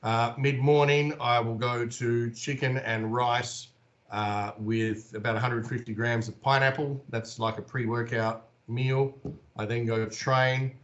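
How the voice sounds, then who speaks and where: A man's voice: medium pitch, steady tone, a little slow, a bit bright, dull audio. A man in his forties with an Australian accent, a guest telling stories animatedly in an interview. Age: 40s. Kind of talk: casual storytelling in an interview.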